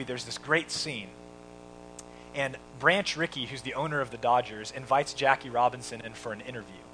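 A man's voice: mid-range voice, a bit bright, slight background noise, rough recording. A man preaching a sermon in church, explaining a scripture passage and acting out a quoted scene for the congregation. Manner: preaching with dramatic quoted voices. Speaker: pastor.

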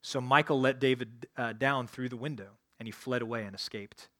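Man, pastor, sermon, conversational preaching, mid-pitched voice. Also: brisk. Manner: conversational preaching, animated retellings.

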